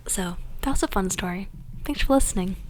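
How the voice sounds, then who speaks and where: A woman's voice: medium pitch, fairly quick, slight background noise. A young woman whispering a storytime in a gossipy, laughing manner. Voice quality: soft whisper. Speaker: ASMR storyteller.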